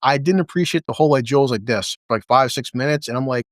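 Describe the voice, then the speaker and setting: Speaking quickly at a medium pitch, a man reviews a TV episode scene by scene in a casual, heavily profane, blunt way. The audio is clean studio quality with no room sound.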